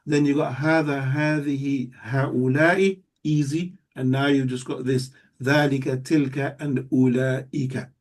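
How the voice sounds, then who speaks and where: A man's voice: medium pitch, a little mellow. A man teaching a live Arabic class, explaining step by step and checking that students follow. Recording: voice somewhat distant from the mic.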